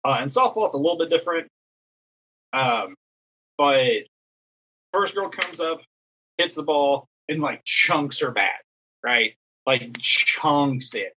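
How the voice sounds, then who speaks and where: A man's voice: fairly high pitch, expressive, slow pace, long pauses, pushed and bright, husky, muffled recording. A young man telling a rambling story in a casual podcast chat, full of fillers and acted-out quotes. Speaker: podcast co-host and assistant softball coach.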